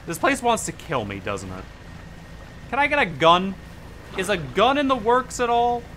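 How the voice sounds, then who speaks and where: Male gaming streamer, bright and tense tone, chatty and profane, argues with game characters. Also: high-pitched, normal speed, slight background noise. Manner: animated, swearing, talking back to game characters. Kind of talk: casual gameplay commentary.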